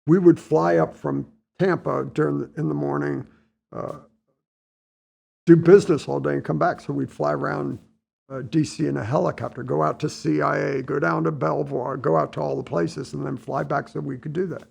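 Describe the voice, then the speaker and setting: A man in his sixties from the United States, telling stories in a relaxed interview, acting out what people said. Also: a little high, normal speed, gravelly, breathy edge. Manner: relaxed anecdotal storytelling, acts out dialogue. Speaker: podcast guest, retired Navy admiral. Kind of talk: casual storytelling interview.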